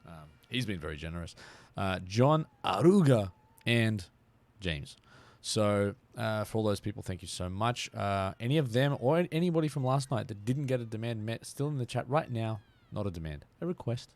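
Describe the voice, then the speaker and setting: A man's voice: fairly low pitch, lively intonation, normal speed, darkish tone, no echo. Chatty male game streamer. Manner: chatty, laughs often, repeats words. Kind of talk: casual live-stream chat while gaming.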